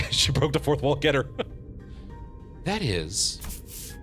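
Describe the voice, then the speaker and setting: A male streamer chatting through a game, joking and breaking into laughter. His pitch swings widely as he reacts. Faint music plays underneath. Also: big pitch swings. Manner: playful, quick to laugh, exclaiming. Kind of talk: live game commentary.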